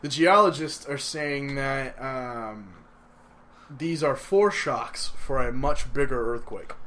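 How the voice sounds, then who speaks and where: A young man co-hosting a podcast in casual chat, excitable and swearing freely. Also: medium pitch, slow pace. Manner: excitable, swears freely, stumbles over words. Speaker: podcast co-host.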